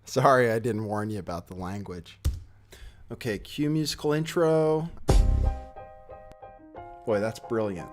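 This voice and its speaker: A man's voice: mid-range voice, animated, normal speed. A man hosts a casual commentary show in a mid-range voice. He rambles in a sardonic way and drops offhand remarks as he goes. Faint music plays under him. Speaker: host. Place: home studio, California.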